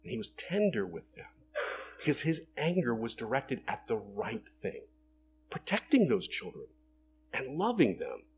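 A man's voice: mid-range voice, wildly swooping pitch, unhurried, a little hiss or hum. A man preaching a sermon in an earnest way, building to emphatic bursts and acting out the quoted lines. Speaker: pastor.

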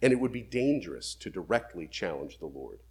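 Husky male preacher, lively voice. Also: low voice, a little fast. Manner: reads scripture aloud, then explains it with emphatic questions. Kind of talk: sermon with scripture reading.

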